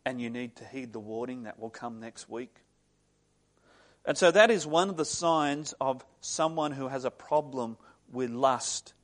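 A middle-aged man preaches in an unhurried, deliberate way. His voice sits a little high for a man. He builds to sudden emphatic swells, then settles back into earnest explanation. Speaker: pastor. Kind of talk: sermon.

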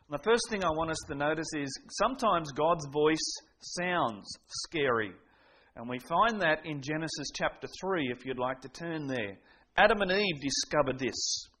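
A man's voice: fairly high pitch, fairly bright tone, husky, low-quality recording. A man preaching a sermon in a conversational, folksy way, often restarting his sentences.

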